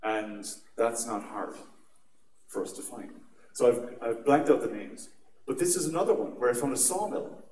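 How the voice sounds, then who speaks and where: A man's voice: medium pitch, normal speed, darkish tone, slight background noise. Irish man telling stories in an echoey hall. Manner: chatty storyteller, laughs at his own stories. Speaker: conference speaker on security. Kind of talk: conference talk with personal anecdotes. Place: large atrium at a conference. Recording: echoey hall picked up from a distance.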